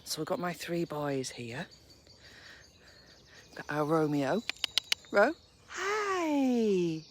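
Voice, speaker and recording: A woman chatting casually on a live stream while walking her dogs in a park, cooing at them in a high baby voice. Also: slow, noisy background. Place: woodland park outdoors, early morning.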